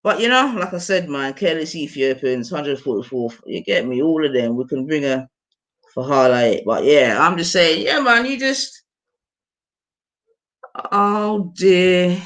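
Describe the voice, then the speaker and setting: Woman streamer, casual slangy chat, lively swooping pitch, slow unhurried delivery. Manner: slangy, animated, lots of fillers like "yeah, man" and "you get me". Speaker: streamer reacting to music.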